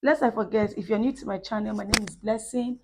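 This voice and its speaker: A woman's voice: medium pitch, fairly even intonation, a little fast, background noise. A Nigerian woman vlogging casually from her home kitchen, chatty and rambling as she talks straight to viewers, her voice worn down after being ill. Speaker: cooking vlogger. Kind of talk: casual cooking vlog chat.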